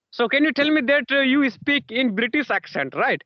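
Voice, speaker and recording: A man's voice: extremely high pitch, very animated, measured pace, creaky, no echo, highs cut off. A man interviewing in casual conversation practice, repeating himself and filling gaps with "you know" and "yes, yes".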